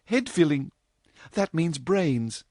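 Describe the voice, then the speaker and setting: A man voicing a lively, outspoken young woman who teases and chatters playfully. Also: fairly high pitch, slow pace, dry recording, studio quality, pitched above the performer's own voice, exaggerated voice. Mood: teasing. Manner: chattering, playful, mock-dramatic.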